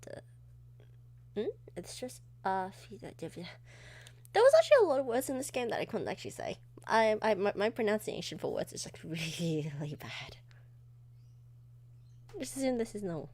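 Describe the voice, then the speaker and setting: A woman's voice: mid-range voice, huge pitch swings, measured pace, pauses often, darkish tone, no echo. A young woman streamer chatting while playing a game, giggly and self-deprecating, often tripping over words. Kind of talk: live game commentary.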